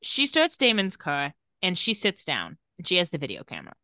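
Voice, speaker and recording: A woman's voice: fairly low pitch, wildly swooping pitch, a little fast, bright, forceful tone, no room sound, studio quality. A woman co-hosting a podcast, casually recapping a TV episode scene by scene and quoting the characters. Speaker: podcast co-host.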